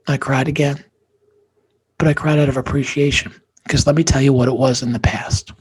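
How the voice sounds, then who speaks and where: A man, a guest, telling a personal story with feeling, dropping to hushed near-whispers and rising to intense emphasis. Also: medium pitch, steady tone, moderate pace, long pauses, slightly rough.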